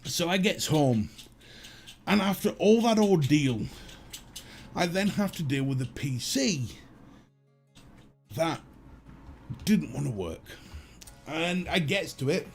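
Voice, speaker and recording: A man's voice: a little high, lively intonation, slow pace, gravelly, long pauses, breathy edge, faint music behind. A middle-aged British man hosting a livestream, telling a story in a casual, profane, self-mocking way. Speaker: livestream host.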